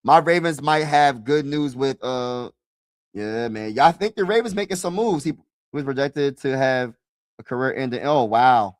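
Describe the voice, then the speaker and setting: In a dry recording, a man of medium pitch talks at a normal speed while hosting a casual mock draft stream. Speaking right to his audience, he goes back and forth between frustrated outbursts and mutters, repeating himself and tossing out "bro" and "y'all" often.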